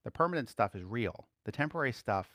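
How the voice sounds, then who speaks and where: A man preaching an informal sermon to a class, conversational and quick to laugh, swinging from emphatic outbursts to quiet asides. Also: medium pitch, animated, no room sound.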